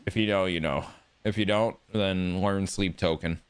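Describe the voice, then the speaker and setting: A man live-streaming a baseball video game, chatting casually and rambling excitedly to his viewers as he plays. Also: deep voice, normal speed, slight background noise. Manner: rambling, excitable, talks to chat while playing.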